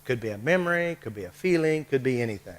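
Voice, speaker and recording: A man's voice: medium pitch, expressive, fast talker. A man leading a live workshop, coaxing the group with short repeated prompts and checks. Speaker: workshop leader.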